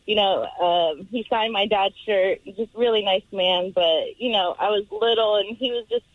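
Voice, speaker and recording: A woman's voice: medium pitch, moderate pace, no room sound. A woman calling in to a radio show, speaking hesitantly with lots of fillers. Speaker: radio caller. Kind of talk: casual phone call. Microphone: telephone. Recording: tinny phone line.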